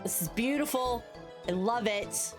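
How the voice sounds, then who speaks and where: Over music, a woman with a higher, slightly slow voice streams a game in a New Jersey accent. She chats with her viewers casually and at length, swearing and often starting over.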